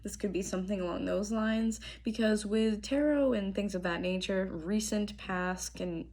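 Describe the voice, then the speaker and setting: A young woman giving a casual tarot reading to camera. Her throat is strained and she talks in a chatty, relaxed way, clearing her throat often. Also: medium pitch, moderate pace. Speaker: tarot reader. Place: apartment room indoors.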